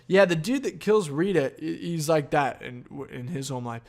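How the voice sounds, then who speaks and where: A man hosting a podcast, telling a long story in a casual, profane monologue that is full of fillers and has loud, animated exclamations. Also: a little high, normal speed. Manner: profane, rambling, heavy on fillers. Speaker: podcast host.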